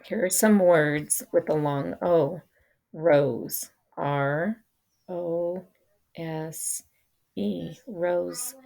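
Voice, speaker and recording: Slow, gravelly-voiced woman teaching phonics. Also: fairly low pitch, a little mellow. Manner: spells words letter by letter, deliberate. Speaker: English reading teacher.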